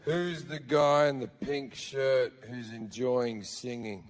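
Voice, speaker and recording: A man with an Australian accent performing a profane stand-up comedy set on a theater stage, acting out characters with shouting. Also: mid-range voice, fairly even intonation, slow, a little hiss or hum. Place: large theater stage with a live audience. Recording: live hall recording with audience.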